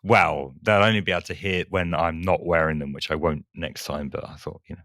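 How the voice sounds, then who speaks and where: A man's voice: sits low, fairly even intonation, fairly quick, fairly bright tone, no echo, clean studio sound. A man co-hosting a podcast with a slight lisp from braces, laid-back and teasing. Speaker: podcast co-host. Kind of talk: casual podcast banter.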